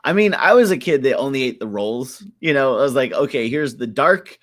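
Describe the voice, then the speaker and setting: A young man co-hosting a casual podcast chat, joking and swearing freely. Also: medium pitch. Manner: animated, joking, profane, quick bursts of laughter. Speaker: podcast co-host.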